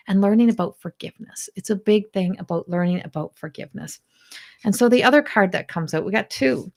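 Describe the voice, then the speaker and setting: A woman speaking as a spiritual healer and life coach, in a middle-pitched voice. She talks earnestly and with emphasis, rambling a little and breaking off to restart her sentences.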